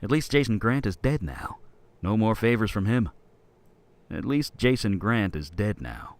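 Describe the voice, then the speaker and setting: Game voiceover: a weary, deep-voiced character, soft and flat, dry delivery. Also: male voice, a little slow. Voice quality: soft, quiet. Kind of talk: recorded game voiceover lines.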